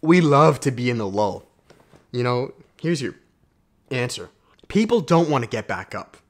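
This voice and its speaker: A man giving a blunt, profane motivational monologue to his viewers, calling them guys, swinging from low asides to loud emphatic outbursts. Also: very animated, unhurried. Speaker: self-development YouTuber.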